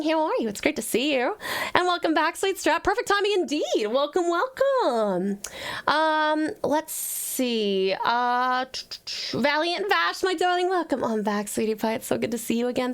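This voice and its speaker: Australian woman, streamer, high bouncy voice, doting, swears freely. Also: a bit bright. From Tasmania, Australia. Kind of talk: casual live-stream chat.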